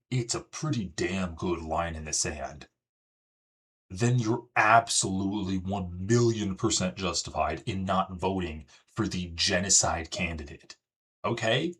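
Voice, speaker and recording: A man hosting a live political commentary stream, his voice a bit low and slightly husky. He talks with a sarcastic, mocking edge. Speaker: livestream host.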